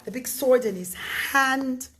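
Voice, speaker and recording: High-voiced woman telling a story to children. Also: slow. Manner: expressive, dramatic pacing. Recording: roomy echo, faint noise.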